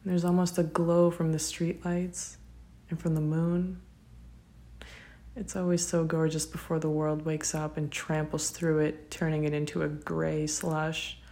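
A young woman, speaking gently and tenderly to a partner in a whispered role-play, with soft laughs. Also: deep voice. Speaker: affectionate partner.

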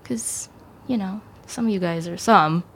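Giggly, gravelly-voiced woman chatting. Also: medium pitch, a little slow, slight background noise. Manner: giggly, rambling, animated. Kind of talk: casual chat.

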